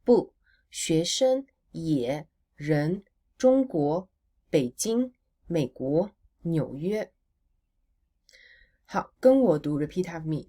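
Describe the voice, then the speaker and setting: A woman teaching a recorded language lesson. She models words slowly for repetition and answers her own questions. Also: sits low, expressive, warm tone.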